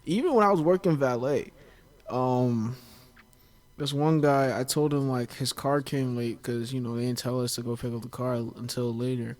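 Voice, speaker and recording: A man's voice: medium pitch, normal speed, darkish tone. A man hosting a podcast, talking casually and telling stories with lots of filler words. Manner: chatty storyteller, many "like" fillers. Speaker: podcast host.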